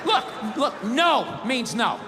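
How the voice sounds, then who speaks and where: A man doing a stand-up routine, ranting loudly and swearing a lot. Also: extremely high pitch, sing-song, slow. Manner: ranting, profane, loud and emphatic. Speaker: stand-up comedian. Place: comedy stage before a live audience. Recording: live stage recording, long reverb, audience noise.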